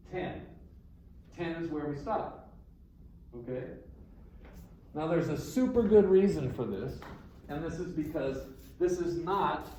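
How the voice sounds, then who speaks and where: A man's voice: fairly high pitch, a little mellow. A male guitar instructor giving a classroom lesson, counting beats aloud and explaining with questions. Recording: echoey room with faint ambient noise.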